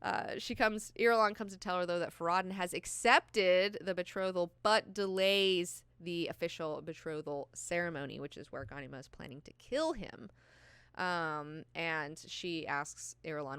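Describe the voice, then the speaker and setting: Bright, crisp-voiced woman hosting a book club. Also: lowish voice, moderate pace, dry recording. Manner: profane, animated retelling with slangy paraphrased dialogue. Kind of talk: casual book-club recap.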